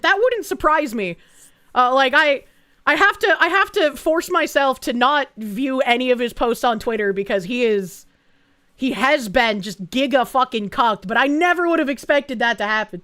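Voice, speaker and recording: A female VTuber with a high, lively voice reads donations during a casual live-stream chat. She's excitable and profane, reacting quickly and laughing often.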